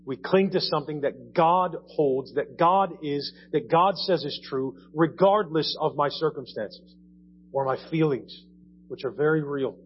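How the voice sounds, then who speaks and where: A man's voice: fairly high pitch, unhurried. A man preaching a sermon in a conversational way, repeating phrases and rising in emphasis. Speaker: pastor. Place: church. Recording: dull audio with faint hum.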